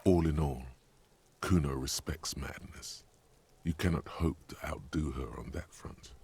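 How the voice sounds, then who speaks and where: A grave inner voice narrates a detective game. His voice is extremely deep, gravelly and rough-edged. He counsels the player in a slow, solemn second person. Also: darkish tone, full character voice.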